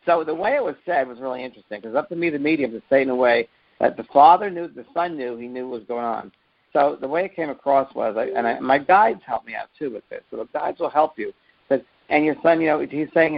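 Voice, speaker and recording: A man's voice: mid-range voice, fast, vocal fry. A man who teaches mediumship, telling stories from his work in an earnest, emphatic way and often repeating his words. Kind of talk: interview answer, storytelling. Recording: muffled lo-fi audio.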